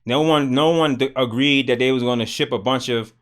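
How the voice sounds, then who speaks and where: Loud, emphatic livestream host, a man. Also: mid-range voice, brisk. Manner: loud, emphatic, profane, argumentative. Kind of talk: heated political debate on a livestream.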